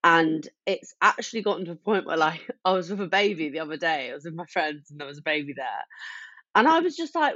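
A woman's voice: sits low, expressive, brisk, a bit bright, no echo. A woman in her twenties ranting animatedly in a casual chat. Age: 20s. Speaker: podcast co-host. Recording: dull dry sound.

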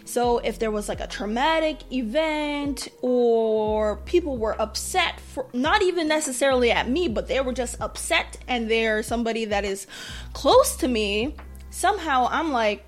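Young female podcast host, high-pitched, candid and self-mocking storyteller. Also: unhurried, faint music behind. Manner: candid and self-deprecating, with animated quoted asides. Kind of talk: personal storytelling.

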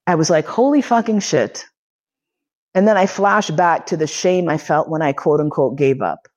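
A woman's voice: low voice, fairly quick. A woman in her forties giving a personal storytelling lecture, candid, profane and emotionally charged. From United States. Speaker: lecturer and podcast host.

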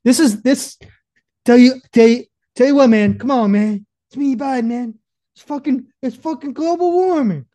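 A man's voice: very high-pitched, moderate pace, mellow, pitched above the performer's own voice. A man putting on a rambling old president voice that slides into an Italian gangster accent. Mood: complaining.

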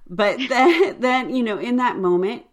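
A woman's voice: on the high side, lively intonation, a little slow. A woman hosting a faith podcast, talking earnestly and conversationally with frequent fillers. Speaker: podcast host.

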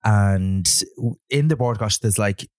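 A man's voice: lowish voice, a little slow, a little mellow, no room sound, clean studio sound. An Irish man co-hosting a podcast, telling a rambling story full of fillers and swearing in casual chat. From Ireland. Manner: rambling, lots of fillers and swearing, acts out voices in anecdotes. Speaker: podcast co-host, drag performer.

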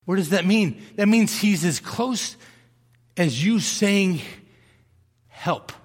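A man preaching a sermon as a pastor, telling stories in an animated way and acting out the voices of the people in them. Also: high voice, takes it slowly, big-room sound. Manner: animated storytelling, acts out voices.

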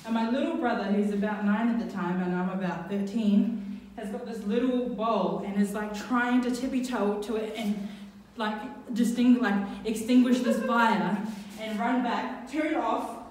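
A woman telling a funny true story on stage, lively and laughing, with many fillers and restarts. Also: a little high, measured pace. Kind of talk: live storytelling to an audience. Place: live venue stage. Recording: echoey venue, mic from far off.

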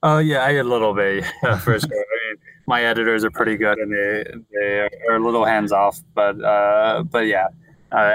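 Male author guest, low pitch, dry close mic, halting delivery. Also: bright, forceful tone, no echo, poor audio. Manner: hesitant, many "uh" pauses. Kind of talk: casual podcast discussion.

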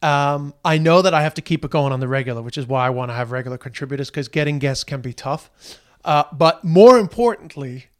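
Podcast host, man, slightly higher voice, loose chatty delivery. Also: brisk, few pauses. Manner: loose and rambling, lots of fillers. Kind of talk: casual podcast chat.

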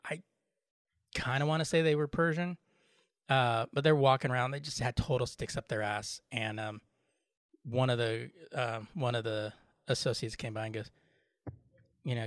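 A man's voice: mid-range voice, fairly even intonation, moderate pace, long pauses, dry recording, clean studio sound. A middle-aged man telling a story in easygoing podcast chat, laughing often. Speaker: podcast co-host. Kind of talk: casual chat.

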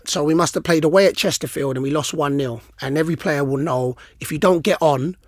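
A man's voice: a little high, a little fast, dry recording. A man co-hosting a podcast, telling stories animatedly with street slang. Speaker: podcast co-host. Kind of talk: casual podcast chat.

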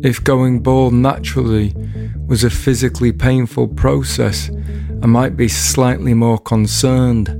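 Slow, gravelly deadpan man. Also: medium pitch, music in the background. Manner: slow, dry and understated. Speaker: spoken-word comedian reading his own writing. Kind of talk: deadpan spoken-word comedy. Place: late-night indoor recording session.

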